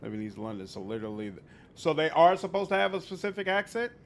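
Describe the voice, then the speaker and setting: A man's voice: fairly high pitch, sing-song, fast, creaky. A man casually commenting on his game while chatting with viewers on a livestream. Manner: chatty, greets chat, reacts aloud while playing. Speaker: streamer.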